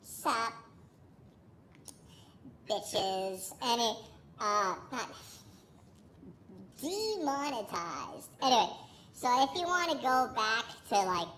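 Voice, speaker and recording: A man talking through a high "baby" voice-changer preset with added echo, joking around. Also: sing-song, slow pace, pauses often, sharp tone, a little hiss or hum, exaggerated voice. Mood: goofy. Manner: goofy, joking. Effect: pitch-raising voice changer with added echo.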